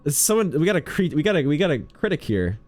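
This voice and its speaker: A man's voice: fairly high pitch, big pitch swings, fast, darkish tone, soft background music. A man streaming a horror game with casual, sarcastic commentary, joking and swearing freely.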